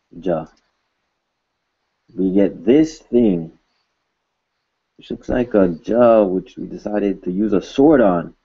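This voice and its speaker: Slow, joking male language teacher. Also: fairly low pitch, slightly rough, lo-fi sound. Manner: patient, joking asides, repeats words slowly. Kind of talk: recorded video lesson.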